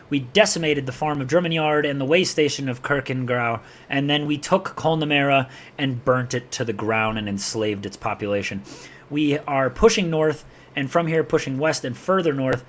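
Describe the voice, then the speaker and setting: A man with a New York accent streaming a strategy game live, rambling in a loose, chatty way. His voice sits a little higher than most men's, and he keeps up running commentary with his viewers. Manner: chatty, rambling, talks to chat while playing. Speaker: gaming streamer.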